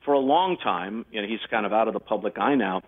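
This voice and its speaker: A man's voice: lowish voice, fast, breathy edge. Older man telling stories over a phone line. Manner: animated anecdotal storytelling. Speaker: guest sportscaster. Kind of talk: casual interview storytelling. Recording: tinny phone-like remote line.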